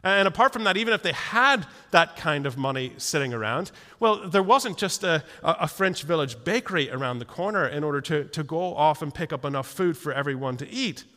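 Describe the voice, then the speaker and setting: A man preaching a sermon in a church hall, telling the story in a lively way and slipping into quick voiced asides, often restarting his words. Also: fairly high pitch. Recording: long hall reverb.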